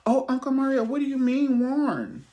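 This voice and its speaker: A man's voice: extremely high pitch, steady tone, moderate pace, dark tone, pitched above the performer's own voice. A man putting on the voice of an eager, pestering pupil who keeps asking him questions.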